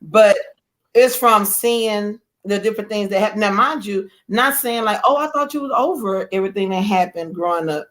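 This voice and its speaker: A woman guest telling a lively personal story in casual chat, acting out quoted lines. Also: mid-range voice, normal speed. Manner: animated, acts out quoted voices. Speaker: guest author.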